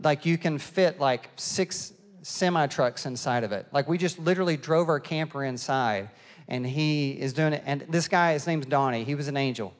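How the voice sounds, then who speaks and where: A middle-aged man preaching a sermon and telling a lively, self-mocking story, acting out the people in it. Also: fairly high pitch, normal speed. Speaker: pastor. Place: church auditorium. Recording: long hall reverb.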